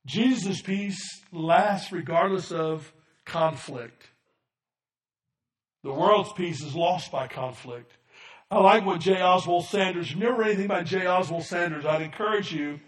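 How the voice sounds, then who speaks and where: Preacher swinging from low murmurs to shouts. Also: male voice, measured pace, far from the mic. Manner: swings from soft and low to shouted emphasis, calls for amens. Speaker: pastor. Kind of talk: sermon. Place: church sanctuary. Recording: echoey room from off the mic.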